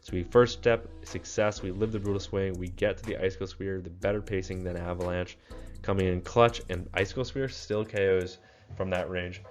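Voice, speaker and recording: A young man giving relaxed gameplay commentary, tired and full of fillers. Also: sits low. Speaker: game commentator.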